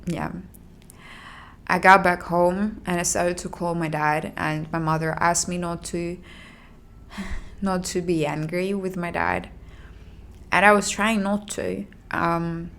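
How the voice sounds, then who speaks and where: Young woman telling a personal story, low voice, lots of fry, halting and emotional. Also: level tone. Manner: halting, emotional recounting with restarts and soft sighs.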